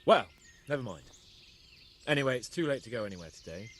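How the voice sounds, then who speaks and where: A man's voice: medium pitch, very animated, quick pace, a crowd in the background, lightly acted. An actor playing a haughty young male nobleman in a video game, brash and teasing with a mocking, sing-song delivery. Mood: brusque. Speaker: game character.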